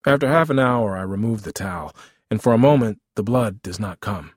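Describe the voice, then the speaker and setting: A man's voice: fairly low pitch, animated, a little fast, slightly rough, dry recording, studio quality. A man reading a memoir aloud as narrator, with a wry, vivid storytelling manner.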